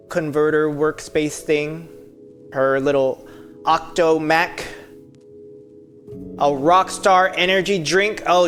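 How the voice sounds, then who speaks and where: A woman streams a game and rambles to her viewers in a loose, joking way. Her voice is low and deep, and game music plays clearly under everything she says. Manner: rambling, joking, talks to chat. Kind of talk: casual gameplay commentary.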